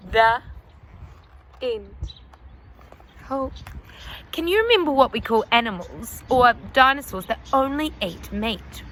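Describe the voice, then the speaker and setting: A woman reading a picture book aloud to children in an animated, sing-song way, asking the listener questions along the way. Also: high voice, takes it slowly, pauses often, a little hiss or hum. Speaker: storyteller for children.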